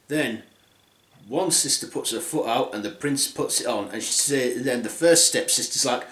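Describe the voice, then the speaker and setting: A man's voice: mid-range voice, moderate pace, a bit bright. A man retelling a fairy tale for laughs, rambling and offhand, in an echoey room. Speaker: storyteller.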